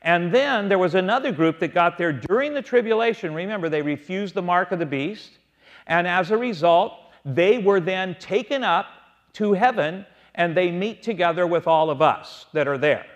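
A man's voice: high voice, expressive, moderate pace. A man leading a verse-by-verse Bible study, asking his listeners questions and answering them himself. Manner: asks the audience questions and answers them, stretching key words. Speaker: Bible teacher.

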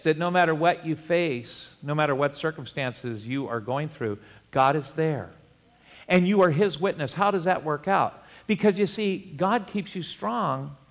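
Male pastor preaching, slightly high voice, chatty with little jokes and chuckles. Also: fairly bright tone, big-room sound. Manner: conversational, with joking asides and chuckles; reads scripture slowly and deliberately. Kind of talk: sermon.

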